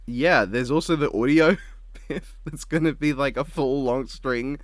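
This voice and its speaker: A man's voice: mid-range voice, unhurried, no echo, studio quality. A man hosting a casual reaction chat, laid-back and rambling with frequent giggles. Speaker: channel host.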